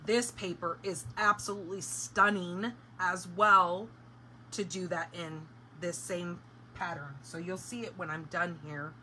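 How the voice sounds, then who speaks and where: A woman's voice: on the low side, steady tone, measured pace, pushed and bright, slight background noise, rough recording. A woman hosting a live craft tutorial, chatting casually and explaining each step as she works. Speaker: craft demonstrator.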